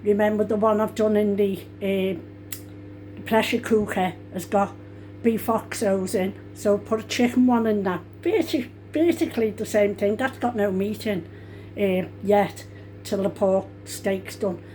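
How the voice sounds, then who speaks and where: A woman's voice: medium pitch, fairly even intonation, a little slow, warm tone, a little hiss or hum. An older woman, a grandmother cooking at home, who talks in a chatty, rambling way and often corrects herself mid-sentence. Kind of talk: casual cooking vlog. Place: home kitchen.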